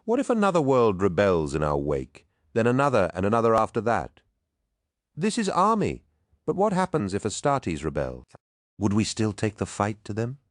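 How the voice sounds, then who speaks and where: A man's voice: on the low side, huge pitch swings, moderate pace, dry recording, clean studio sound, voice pushed up. A man voicing an earnest, troubled young male space warrior captain in an audiobook. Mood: worried. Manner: earnest, pleading.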